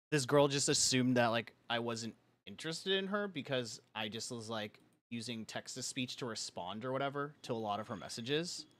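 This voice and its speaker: A man's voice: mid-range voice, a bit bright, no echo. A young man streaming live, talking in a loose, rambling way with lots of fillers and frequent laughter. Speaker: livestreamer. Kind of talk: casual chat on a live stream.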